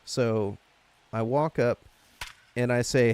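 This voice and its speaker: A man's voice: medium pitch, steady tone, unhurried, pauses often, darkish tone. A young man co-hosting a podcast, telling a long story in casual profane chat with plenty of swearing and filler. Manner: rambling storyteller, swears a lot. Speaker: podcast co-host.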